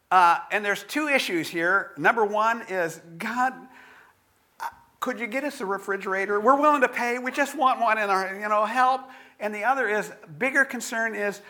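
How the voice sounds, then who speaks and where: A male pastor preaching a sermon that tells a personal story in an animated way and closes in a hushed prayer. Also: fairly high pitch.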